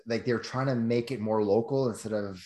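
A man co-hosting a podcast, chatting casually and telling lively stories with frequent laughter. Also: medium pitch, brisk, echoey room. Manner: animated storyteller, laughs often. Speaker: podcast co-host. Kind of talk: casual chat.

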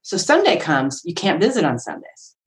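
A woman podcast guest telling a story in a chatty, animated way, often acting out voices with big swings in pitch. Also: normal speed, poor audio. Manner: chatty, frequent fillers like "like" and "right?". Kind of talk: casual storytelling.

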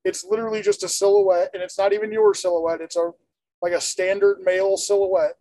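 A man, a former airport screener, explaining his work in a matter-of-fact, halting way. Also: high-pitched, level tone, mellow, no echo, low-quality recording. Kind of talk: casual explanation.

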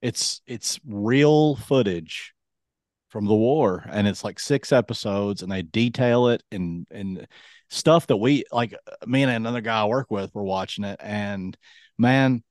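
A man's voice: fairly low pitch, unhurried, a little mellow, no room sound, studio quality. A man in his thirties co-hosting a casual podcast, talking earnestly and dropping his voice when serious. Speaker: podcast co-host. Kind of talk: casual chat.

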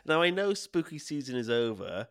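A man co-hosting a casual podcast, animated and pun-loving, often laughing as he talks. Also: mid-range voice, normal speed, smooth, dry recording. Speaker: podcast co-host. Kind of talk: casual chat.

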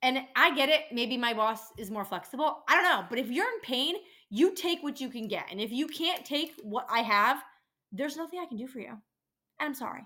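On her own podcast, a woman who works in a dental office vents about patients in a casual rant full of swearing, sounding exasperated. Her voice sits high and is expressive, with a sharp tone, and she talks at a normal speed.

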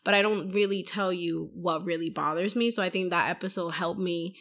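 Young female podcaster, casual chat, animated storyteller who voices others' lines. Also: fairly low pitch, brisk. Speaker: podcast host.

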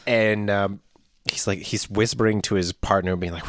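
Man, fairly low voice, dry close sound, animated storyteller, swears a lot. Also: unhurried, pauses often, dry recording. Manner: animated storytelling with loud quoted outbursts, swears freely. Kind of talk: casual chat, acting out a story.

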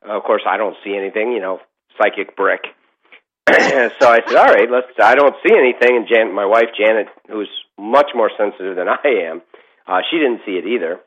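A man's voice: fairly low pitch, moderate pace, a bit bright. Middle-aged guy rambling through a spooky story, um and uh everywhere, kinda muffled audio. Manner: rambling, many fillers and restarts. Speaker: podcast guest telling a ghost story. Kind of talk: casual storytelling.

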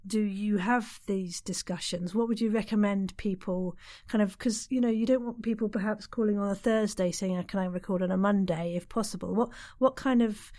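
A woman's voice: medium pitch, fairly even intonation, normal speed, hardly any pauses, warm tone. Friendly woman interviewing. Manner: friendly, with short backchannel replies. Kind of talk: casual interview talk.

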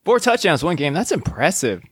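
A man's voice: a little high, sing-song, a little fast, breathy edge, no room sound. A man co-hosting a casual podcast, calling a joke wrestling match in a laid-back, chuckling way. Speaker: co-host. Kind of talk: casual play-by-play banter.

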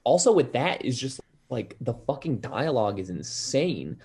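A man's voice: medium pitch, big pitch swings, moderate pace, darkish tone, husky. A man in casual chat about movies, enthusiastic, swearing freely and saying "like" a lot. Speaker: podcast co-host.

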